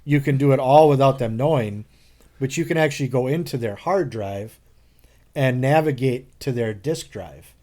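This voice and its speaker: A Wisconsin man co-hosting a casual podcast, telling a prank story to his friends. His voice sits at an ordinary middle pitch for a man. He tells it in an animated way and jumps into other people's lines with laughter. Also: moderate pace. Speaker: podcast co-host.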